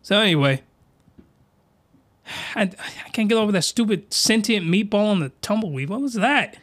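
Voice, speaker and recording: Animated man hosting a comedy podcast. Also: high voice, moderate pace. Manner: animated, incredulous, slangy. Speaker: podcast host.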